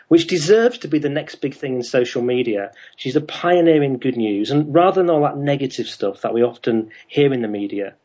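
Husky-voiced man hosting with many ums. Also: mid-range voice, lively intonation, brisk, a little mellow. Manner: hesitant, many ums and restarts. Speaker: podcast host. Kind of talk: casual interview chat. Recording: dull lo-fi sound.

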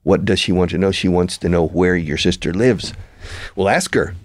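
A man hosting an interview, talking through language points by repeating example phrases with lively emphasis. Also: sits low, normal speed, dry recording, clean studio sound. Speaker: show host and language school founder. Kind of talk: conversational interview.

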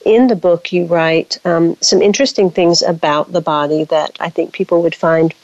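Thoughtful low-voiced woman host. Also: fairly even intonation, darkish tone, no echo. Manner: thoughtful, halting, many restarts. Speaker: podcast host. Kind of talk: reflective interview talk. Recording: dull lo-fi dry recording.

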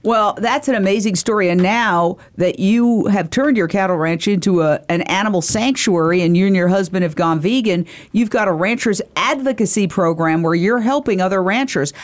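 A woman's voice: medium pitch, normal speed, few pauses. A woman hosting a talk show, introducing a guest and asking leading questions with enthusiasm. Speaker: host.

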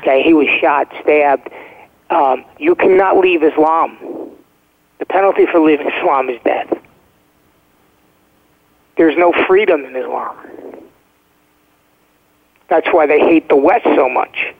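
A man's voice: on the high side, unhurried, long pauses. Emphatic man on a tinny phone line. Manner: emphatic, checks in with "okay?". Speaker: guest, former first responder. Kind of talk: phone-in interview storytelling.

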